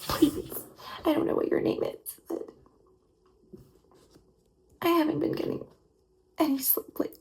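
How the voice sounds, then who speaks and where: A woman's voice: sits high, fairly even intonation, measured pace, gravelly, long pauses, darkish tone, poor audio. A woman in a whispered role-play, talking in a defiant, indignant, rambling way. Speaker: ASMR role-play host.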